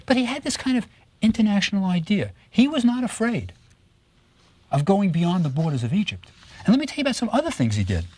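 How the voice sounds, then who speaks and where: A man giving a recorded lecture on Egyptology, telling stories with lively rhetorical questions and frequent tag questions. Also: sits high, breathy edge, no room sound. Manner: animated storytelling with rhetorical questions; tags statements with "right?".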